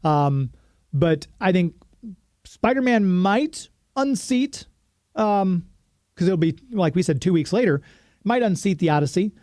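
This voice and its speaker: Easygoing man with a slightly high voice. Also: animated, a little slow, darkish tone, no room sound, studio quality. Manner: easygoing, thinks aloud with fillers. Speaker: podcast co-host. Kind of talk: casual movie review chat.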